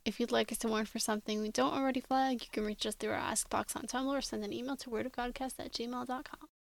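A woman co-hosting a casual podcast, recapping an episode in a chatty way with filler ums. Her slightly high voice has a gravelly, flat-toned edge. She is recorded dry and close on a home mic. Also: quick pace, dry recording. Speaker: podcast co-host.

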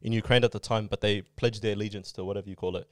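Fast-talking man in casual podcast chat. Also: fairly low pitch, fairly even intonation. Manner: rambling, explains with many fillers. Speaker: podcast co-host.

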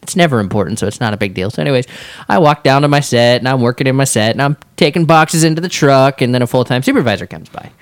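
A man's voice: mid-range voice, quick pace, no echo. A man co-hosting a podcast, telling a work story in casual chat and laughing often. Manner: animated, laughs often while telling stories. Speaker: podcast co-host. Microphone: mic placed close to his mouth.

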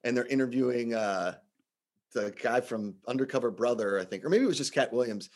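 A man telling stories in casual podcast chat, animated, acting out quotes in shifting voices. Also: medium pitch, fairly quick.

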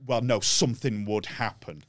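A man's voice: on the low side, moderate pace, a bit bright, dry recording, clean studio sound. A man from Bury, near Manchester, a comedian guest, telling stories in a blunt, sweary way. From Bury, near Manchester, England. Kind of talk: casual chat.

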